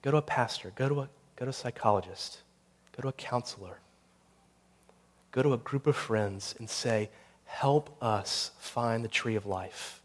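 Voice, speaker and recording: A man, the pastor, delivering a sermon that builds to intense storytelling and closes in a quiet prayer. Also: mid-range voice, moderate pace.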